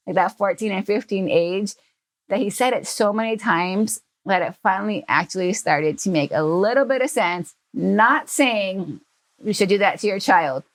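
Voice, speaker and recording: A woman at an ordinary middle pitch tells a childhood memory on a podcast. She talks loosely and conversationally, with plenty of fillers. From Hawaii. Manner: animated storyteller who acts out quoted family members. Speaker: podcast guest. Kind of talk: casual storytelling.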